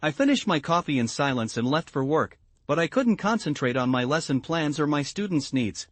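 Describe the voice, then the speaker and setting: A man reading a scripted first-person story in an even, measured way. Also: on the high side, no room sound. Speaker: narrator.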